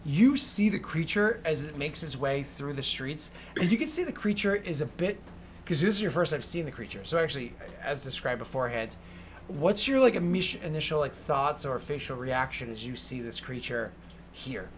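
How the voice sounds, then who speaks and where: A man narrating as game master in a tabletop game, animated and full of fillers. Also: on the high side, normal speed, a little hiss or hum.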